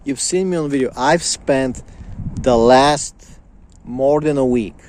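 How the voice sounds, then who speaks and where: A man's voice: medium pitch, slow pace, darkish tone, a little hiss or hum. A young man in a casual vlog, ranting angrily with lots of swearing and repetition. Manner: angry, profane, repetitive ranting. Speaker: vlogger.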